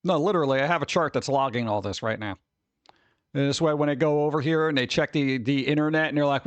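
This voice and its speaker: Stream host, male, a bit high-pitched, dry close mic, rambly and quick to grumble. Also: no echo. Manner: rambling, exclaims and grumbles at tech trouble. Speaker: livestream host. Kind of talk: casual live-stream chat.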